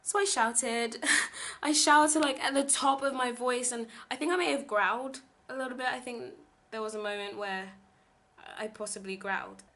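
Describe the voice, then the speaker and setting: A woman's voice: fairly high pitch, moderate pace, a bit bright. Chatty young woman vlogging at home. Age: young adult. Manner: rambling, lots of "like" fillers. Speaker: vlogger teaching abroad. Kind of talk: casual chatty vlog. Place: home kitchen, indoors.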